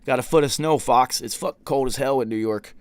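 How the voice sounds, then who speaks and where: A man's voice: medium pitch, fairly quick, smooth, no echo. A man hosting a podcast, telling a story in a casual, profane, laid-back way and quoting the people in it. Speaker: podcast host.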